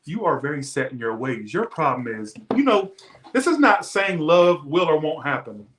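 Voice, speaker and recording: A man's voice: on the high side, very animated, moderate pace, fairly bright tone, echoey room, a little hiss or hum. A man reading tarot who rants defensively and emphatically to his viewers in casual talk. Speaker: tarot reader.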